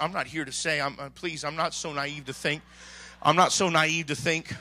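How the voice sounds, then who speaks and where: A man preaching a sermon as pastor, swinging between quiet talk and shouted calls to the congregation. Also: fairly high pitch. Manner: preaches with sudden shouts and call-and-response.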